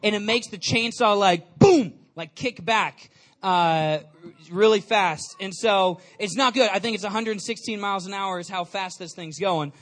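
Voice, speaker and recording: A man giving an energetic storytelling sermon to a live audience, chatty and calling out questions to the crowd. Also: high-pitched, a little slow. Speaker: youth speaker.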